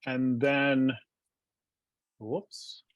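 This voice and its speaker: A man's voice: medium pitch, flat delivery, drawn-out words, no room sound. A man playing a tabletop game, plainly announcing where his character moves. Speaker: player. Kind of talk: casual tabletop play.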